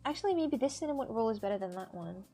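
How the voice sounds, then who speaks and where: A woman's voice: fairly high pitch, animated, fast, warm tone, breathy edge, soft background music. A woman making clay crafts on a live stream, rambling and repeating herself as she talks to her viewers, with a lilt. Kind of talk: casual live-stream chat.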